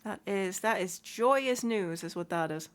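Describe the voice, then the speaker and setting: A woman's voice: medium pitch, expressive, measured pace. A woman streaming a video game, chatting to herself and her pets, squealing and swearing as she plays. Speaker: let's play streamer. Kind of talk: casual gaming commentary.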